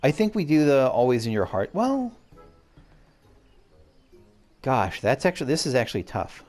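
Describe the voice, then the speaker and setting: Brief: mid-pitched guy narrating his game run, casual and self-mocking, faint music underneath. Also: very animated, fairly quick, a little mellow. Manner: chatty, self-deprecating, thinks aloud. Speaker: let's play host.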